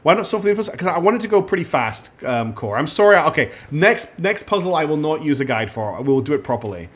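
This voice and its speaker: A man's voice: on the high side, sing-song, fast, fairly bright tone. A man streaming a video game, chatting casually, hesitating with ums and restarts as he reads the game's text aloud. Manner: chatty, many ums and restarts, apologetic asides. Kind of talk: casual gameplay commentary, reading dialogue aloud.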